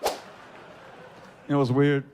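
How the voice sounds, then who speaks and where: A man doing stand-up on a club stage, telling self-mocking stories in a deadpan way. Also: mid-range voice, slow pace, a little hiss or hum. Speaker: stand-up comedian. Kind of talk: stand-up comedy.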